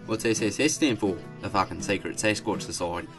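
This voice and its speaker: A man doing a gruff, crude Aussie bloke. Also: on the low side, brisk, music in the background, lightly acted. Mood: excited. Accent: Australian. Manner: gruff, crude, swearing constantly. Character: crude, rough-edged Australian blokes.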